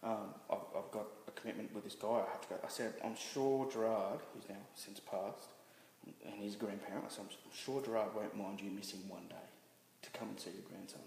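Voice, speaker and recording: A man being interviewed as a guest, telling a personal story candidly, halting and restarting with many fillers. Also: on the low side, fairly even intonation, vocal fry, darkish tone. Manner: halting, frequent restarts and "you know" fillers. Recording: roomy reverberant room with faint noise.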